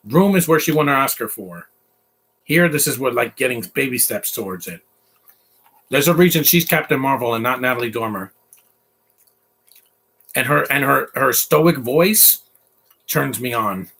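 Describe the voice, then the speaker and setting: A man's voice: medium pitch, expressive, normal speed, vocal fry, long pauses, a bit bright, breathy edge. A man hosting a casual live movie commentary, opinionated, rambling and defensive.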